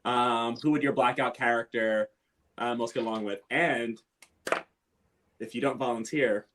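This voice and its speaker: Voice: medium pitch, fairly even intonation, unhurried, background noise. A panel moderator asking playful, joking questions.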